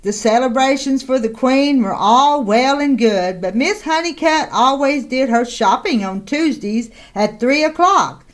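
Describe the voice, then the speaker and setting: Storyteller, woman, high voice, slow and expressive read-aloud for kids. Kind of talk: reading a picture book aloud.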